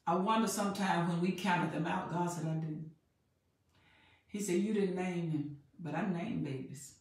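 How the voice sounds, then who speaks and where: A woman preaching a sermon in an emphatic, repetitive way that builds in loudness. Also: on the low side, moderate pace. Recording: very echoey room, voice far from mic.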